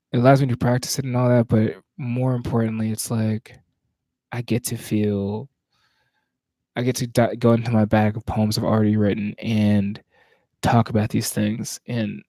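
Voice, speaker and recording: A man's voice: fairly low pitch, warm tone, no room sound. A man from Virginia with a Southern accent, a spoken word poet chatting casually and reflectively between poems on a livestream, often restarting his sentences. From Virginia, USA. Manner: reflective, searching, speaks in broken restarts. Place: home, at night.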